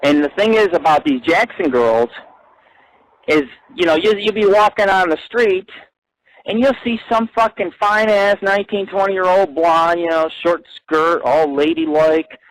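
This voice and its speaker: A young adult man hosting an internet radio show, telling profane, rambling stories and ranting with loud outbursts. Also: unhurried, rough recording. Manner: crude, ranting, swings between low mutter and loud outburst. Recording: dry close-mic internet radio.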